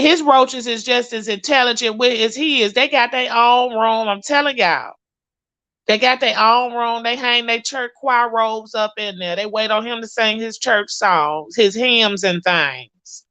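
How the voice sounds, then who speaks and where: Woman gossip vlogger, AAVE, bright punchy voice, dry close recording, profane and sassy. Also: fairly high pitch, no echo. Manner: sassy, profane, animated storytelling. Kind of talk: casual commentary to viewers.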